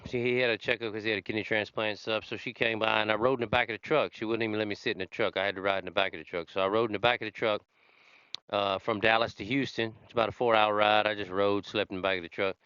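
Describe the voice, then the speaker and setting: A man's voice: on the low side, fairly even intonation, fast talker, fairly bright tone, smooth, no echo. A man hosting a podcast, telling his own recovery story in a rambling, conversational way with many fillers. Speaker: podcast host. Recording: slightly dull lo-fi sound.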